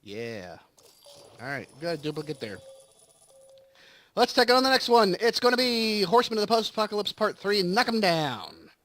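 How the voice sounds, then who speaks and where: Recovering from surgery, this man hosts a game video and rambles through a long story in casual chat over gameplay, acting out quotes. His high, fairly bright voice is sing-song, at a moderate pace with frequent pauses, recorded dry.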